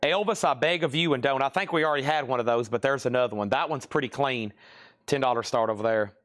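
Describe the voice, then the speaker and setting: A man's voice: mid-range voice, fast, fairly bright tone. Man, southern us accent, live sale host, rambling chatty talk, laughs a lot, mid-range voice. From American South. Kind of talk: casual live-stream selling chat.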